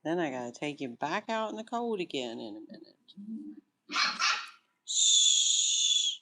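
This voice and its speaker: A woman's voice: deep voice, fast. A woman talking casually to a litter of puppies and soothing them, with puppies scuffling behind her. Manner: soothing, coaxing puppies to calm down. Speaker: puppy breeder filming her litter. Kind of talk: casual talk to puppies and viewers. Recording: noisy room with puppy sounds. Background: puppies yapping and scuffling.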